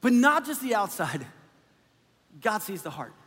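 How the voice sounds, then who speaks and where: High-voiced man preaching in a reverberant hall. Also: sing-song, a little slow, fairly bright tone, slightly rough. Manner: conversational preaching, keeps asking "right?". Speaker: pastor. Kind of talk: sermon.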